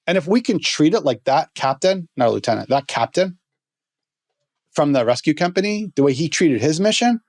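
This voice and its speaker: A man telling a story as a guest on a podcast, halting with many restarts. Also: a little high, animated, darkish tone, dry recording, studio quality.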